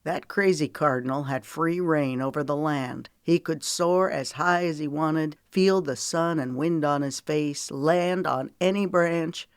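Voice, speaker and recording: A weary, protective man, as a woman narrator puts him on in an audiobook. He talks bluntly and earnestly in a low register. The recording is close and dry. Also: unhurried, hardly any pauses, smooth, dry recording. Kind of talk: audiobook character voice.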